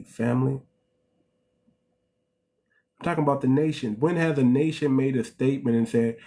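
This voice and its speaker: A man's voice: mid-range voice, steady tone, moderate pace, pauses often, warm tone. A man hosting a casual livestream, preaching to viewers, calling them "family" and asking rhetorical questions. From United States. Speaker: livestream host.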